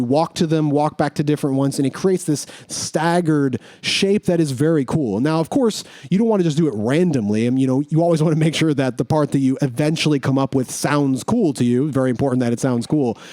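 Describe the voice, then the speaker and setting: A man teaching guitar in a casual, relaxed way, talking through note names as he demonstrates. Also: on the high side, no echo. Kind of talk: casual instructional explanation.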